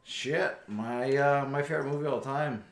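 A man's voice: medium pitch, normal speed. A man co-hosting a podcast, chatting casually with lots of fillers and swearing. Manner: laid-back, swears, many fillers. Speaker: podcast co-host. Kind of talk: casual chat. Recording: echoey room, faint noise.

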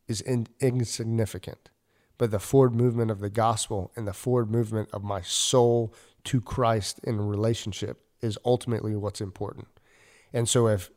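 A man's voice: mid-range voice, darkish tone. A man, a ministry leader, preaching in an earnest, conversational way with many fillers and restarts. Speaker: ministry leader and podcast host. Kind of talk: casual preaching.

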